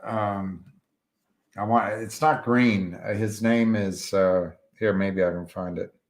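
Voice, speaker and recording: A man chatting casually as a stream host, halting often and searching for words with many fillers. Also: fairly low pitch, fairly even intonation. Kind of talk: casual rambling chat.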